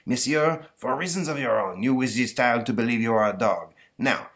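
A man's voice: medium pitch, moderate pace, fairly bright tone, pitched above the performer's own voice, close to an everyday voice. A man voicing a pompous male ghost of a French emperor, with a put-on French accent and a grand, fussy manner. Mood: grandiose.

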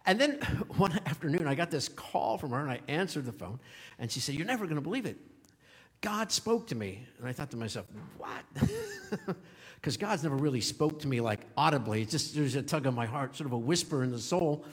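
A man's voice: medium pitch, very animated, a little fast, husky. A male pastor preaching a sermon in a conversational, storytelling way, chuckling now and then. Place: church sanctuary. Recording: long hall reverb.

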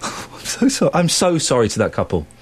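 A man's voice: a little high, huge pitch swings, fairly quick, breathy edge. A man presenting a radio show in casual banter, repeatedly breaking into helpless giggles. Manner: giggly, keeps breaking into laughter. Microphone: studio microphone.

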